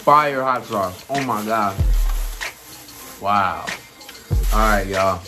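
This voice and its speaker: A young man hosting a casual food vlog, talking loosely and excitedly to his viewers in slang. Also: fairly low pitch, drawn-out words. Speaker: podcast host. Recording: music playing behind.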